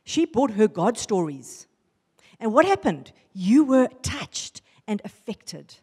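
A woman giving a lively testimony sermon to a women's church gathering, acting out the voices in her stories. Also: a little high, takes it slowly, slightly rough, in a large hall. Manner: animated storytelling, acting out voices. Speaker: women's ministry speaker. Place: church hall.

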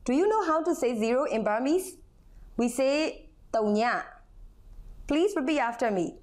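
A young woman with a fairly high voice leads a language lesson. She speaks slowly and patiently. She repeats each word so learners can say it after her. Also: animated, a little mellow. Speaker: language teacher.

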